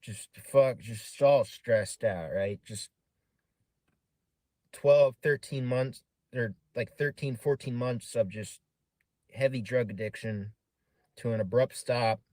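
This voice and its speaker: A man's voice: medium pitch, takes it slowly, a little mellow, no room sound. Guy rambling thru a story on his stream, cussing a lot, dry close sound. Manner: rambling, filler-heavy, swears often. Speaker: live streamer. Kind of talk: casual storytelling.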